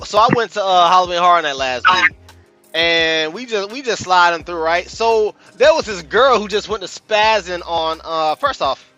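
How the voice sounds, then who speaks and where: A man hosting a casual podcast chat, telling a profane, animated story with loud outbursts. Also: high-pitched, dull audio. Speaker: podcast host.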